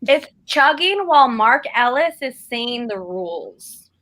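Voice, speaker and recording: A woman's voice: on the high side, sing-song, pushed and bright. A woman from Texas co-hosting a podcast, talking enthusiastically in casual, friendly chat. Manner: enthusiastic and friendly, quick asides. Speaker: podcast co-host.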